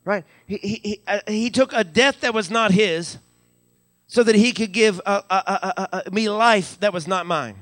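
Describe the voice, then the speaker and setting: High-pitched and fairly bright, the pastor's voice moves at a moderate pace through a live sermon in a church sanctuary, recorded at studio quality without room sound. His accent is Western Pennsylvania, and he builds with stammering repetitions and shouts of hallelujah.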